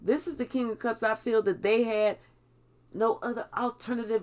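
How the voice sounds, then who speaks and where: A woman's voice: fairly high pitch, steady tone, normal speed, darkish tone. A woman giving a spiritual tarot reading in a blunt way, swearing freely. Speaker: tarot reader.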